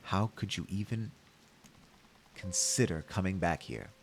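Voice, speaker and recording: A man's voice: low voice, measured pace, creaky, a little hiss or hum. A man voicing a harsh, furious mother who turns cold and screams at her daughter. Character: harsh furious mother, middle-aged woman.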